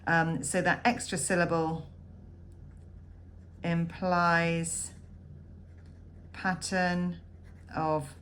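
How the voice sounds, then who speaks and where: A woman teaching a poetry lesson, counting syllables aloud in a measured way with frequent ums. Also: lowish voice, little pitch movement, fairly bright tone, a little hiss or hum. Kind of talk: poetry lesson, annotating a text.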